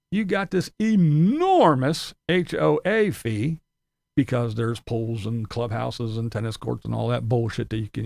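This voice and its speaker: A man's voice: mid-range voice, vocal fry, no room sound, clean studio sound. A man ranting in profane, sarcastic commentary, laughing between his jabs. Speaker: commentary channel host.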